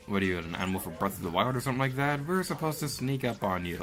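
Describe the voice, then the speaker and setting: A man's voice: fairly low pitch, lively intonation, fast, vocal fry, hardly any pauses, fairly bright tone, faint music behind. A young man from Florida hosting a let's play, rambling through game commentary and yelping and laughing at the action.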